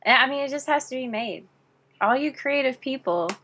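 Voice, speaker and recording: A woman's voice: sits high, lively intonation, fairly quick, sharp tone. A woman co-hosting a casual stream, mostly chiming in with short, supportive remarks. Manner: supportive, brief agreeing interjections. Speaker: streamer co-host.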